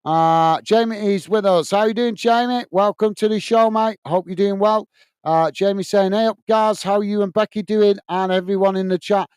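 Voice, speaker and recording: A fairly high, smooth and clean-toned man hosts a live football watch-along. He chats casually, reading viewer comments aloud and answering them with lots of filler sounds. The sound is close and dry. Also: steady tone, moderate pace, darkish tone, no room sound. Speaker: host.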